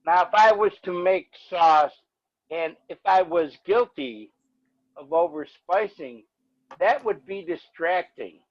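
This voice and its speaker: A man's voice: sits high, animated, slow, no echo, lo-fi sound. A man giving a report at an online speaking club meeting, greeting everyone formally and speaking directly. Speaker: meeting evaluator.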